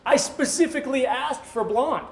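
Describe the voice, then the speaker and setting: A man's voice: very high-pitched, animated, normal speed, roomy sound, pitched above the performer's own voice. A man voicing a fussy newborn baby who complains to its parents in a whiny, exasperated way.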